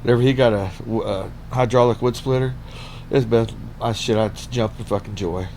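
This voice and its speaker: A man's voice: mid-range voice, steady tone, fairly quick, a little mellow, a little hiss or hum. A middle-aged man, telling stories as a podcast guest, swearing freely and laughing often. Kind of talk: casual storytelling.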